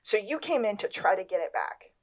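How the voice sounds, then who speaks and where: Woman co-host with a lively, swooping voice. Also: medium pitch, brisk. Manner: expressive, swoops up for quoted lines. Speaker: podcast co-host. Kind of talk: casual recap chat.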